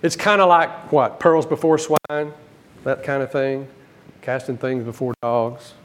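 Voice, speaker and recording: A man preaching a Bible teaching sermon, emphatic, rising to stress key words and dropping low between them. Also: fairly even intonation, unhurried.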